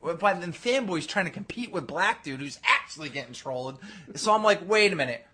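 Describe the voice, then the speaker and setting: A man hosting a podcast, telling a story in casual, profane chat, acting out other people's voices loudly. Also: sits high, big pitch swings, moderate pace, a little hiss or hum. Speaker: podcast host.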